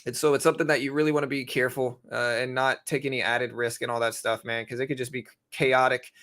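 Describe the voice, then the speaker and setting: A fast-talking young man with a mid-range voice hosts a trading livestream, hiccups and all. His delivery is relaxed and loose, drifting and repeating itself, heavy on fillers.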